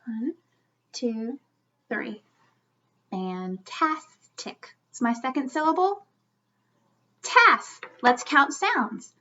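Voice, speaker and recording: Bright-voiced teacher stretching words for children. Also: female voice, high voice, animated, lo-fi sound, slight background noise. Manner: slow, drawn-out sounding of words, encouraging. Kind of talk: online phonics lesson for young children.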